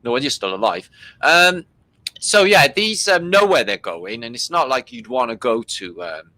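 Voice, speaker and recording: A man's voice: medium pitch, sing-song, normal speed, sharp tone, no room sound. A man from Britain giving loose, casual running commentary over old footage, swearing freely and filling gaps with ums. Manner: loose and chatty, swearing freely, many fillers. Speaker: host commenting on archive war footage.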